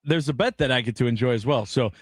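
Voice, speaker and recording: A man's voice: medium pitch, quick pace, dry recording, studio quality. A man co-hosting a sports radio show, rambling through comic little stories. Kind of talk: casual radio chat.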